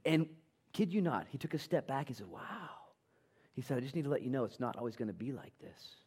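Middle-aged male pastor, sermon delivery, animated, loud peaks dropping to near-murmurs. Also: mid-range voice, fast, slightly rough. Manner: animated preaching, swings from loud emphasis to soft intimate tones. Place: church sanctuary.

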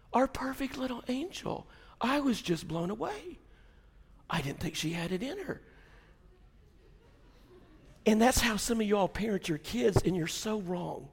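An older man preaching a sermon, telling a family story and rising to loud, shouted peaks. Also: very high-pitched, big pitch swings, measured pace, pauses often, breathy edge, big-room sound. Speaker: pastor.

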